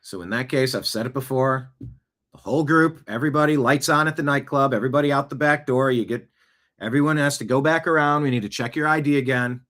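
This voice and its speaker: This man talks at medium pitch, a little fast and a bit bright. He's hosting a show from a seated spot in his home studio, reacting to clips with loose, meandering political commentary and chatty asides.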